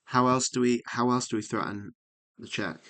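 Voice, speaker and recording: A man thinking aloud as he works through chess puzzles, musing and muttering with frequent hums and pauses, mildly exasperated at himself. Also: mid-range voice, steady tone, sharp tone. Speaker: chess streamer.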